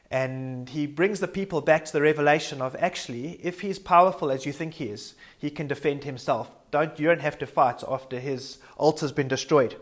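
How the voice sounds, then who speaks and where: A man delivers a sermon with earnest conviction. His voice sits a little higher than most men's. He reflects aloud as he speaks and sometimes stumbles and restarts a word. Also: moderate pace, few pauses. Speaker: preacher.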